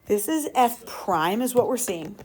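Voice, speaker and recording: A woman's voice: a little high, lively intonation, measured pace, a little mellow, slight background noise. Upbeat woman teaching a class. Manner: upbeat and playful, asks the class questions. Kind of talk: classroom lesson.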